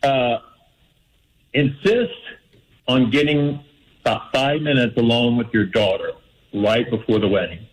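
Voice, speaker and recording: A man's voice: medium pitch, measured pace, long pauses, poor audio. A man calls in to a radio show and gives heartfelt advice. He speaks in an earnest, friendly way, stopping now and then for a filler, with a mid-range voice. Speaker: caller. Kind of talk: phoned-in advice.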